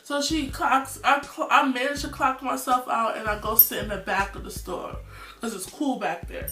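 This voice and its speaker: A woman in her twenties from New York, telling a storytime vlog story in an animated, slangy way and acting out scenes. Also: a little high, moderate pace, distant mic. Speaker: vlogger. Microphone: phone or tablet camera. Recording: roomy, off-mic, faint music.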